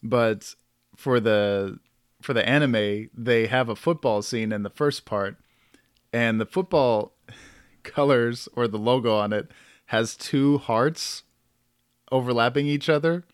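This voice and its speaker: A man's voice: medium pitch, takes it slowly, clean tone, dry recording. Man, podcast host, casual chat, laughs a lot, trips on names, dry close sound. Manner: laughs often, stumbles over names.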